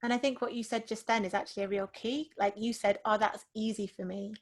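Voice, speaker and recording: A woman chats on a podcast, reassuring the other speaker and reflecting out loud. Her voice sits at an ordinary middle pitch for a woman. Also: fairly even intonation, a little fast. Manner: warm, encouraging, reflective. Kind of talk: casual podcast conversation.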